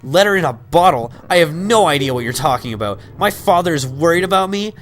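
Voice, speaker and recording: A man putting on a bratty princess falsetto. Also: animated, brisk, close to an everyday voice. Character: haughty spoiled young fish princess. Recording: game music behind.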